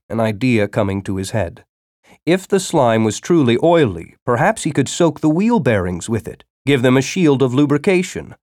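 A man narrating a science-fiction story as an audiobook, with expressive storytelling. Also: mid-range voice, no echo, studio quality.

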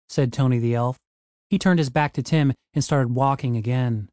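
A man narrating a comic fantasy audiobook in a wry, lively storytelling manner. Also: mid-range voice, moderate pace, no room sound, clean studio sound.

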